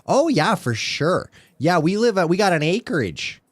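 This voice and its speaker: A man's voice: high-pitched, big pitch swings, a little slow, dry recording, full character voice. A man voicing a friendly Eastern Canadian office handyman with a folksy manner. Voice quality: folksy, cheerful. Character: friendly middle-aged office handyman Howie.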